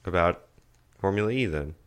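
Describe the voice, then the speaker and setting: A man co-hosting a podcast in relaxed casual chat, laid-back and swearing freely. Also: deep voice, moderate pace, clear, resonant tone. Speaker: podcast co-host.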